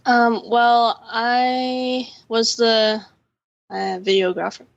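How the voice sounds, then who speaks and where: A young Canadian woman as a podcast guest, nervous and halting, with fillers and giggles. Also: on the high side, flat delivery, vocal fry, no echo, highs cut off. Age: young adult. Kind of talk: casual chat.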